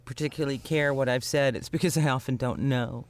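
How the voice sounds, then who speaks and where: A man co-hosting a podcast in casual chat, with a husky morning voice and a wry, rambling way of talking. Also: medium pitch, steady tone, a little fast. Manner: wry, rambling, laughs often. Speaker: podcast co-host.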